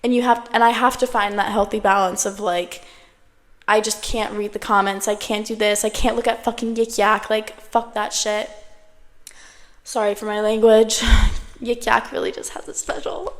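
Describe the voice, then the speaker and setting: A woman's voice: mid-range voice, level tone, normal speed. A woman in her twenties hosting her own podcast, talking casually to camera from home, full of "like" and the odd swear. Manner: chatty, peppered with "like" and swearing. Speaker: podcast host. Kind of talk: casual solo chat to camera. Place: at home, indoors. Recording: long room reverb.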